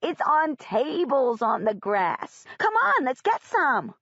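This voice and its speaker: An eager little boy , voiced by a woman reading a storybook, chirps in a pitch lifted well above her usual voice. He sounds sweet and quick to exclaim. The recording is dry and a bit dull. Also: big pitch swings, a bit bright, no echo, exaggerated voice.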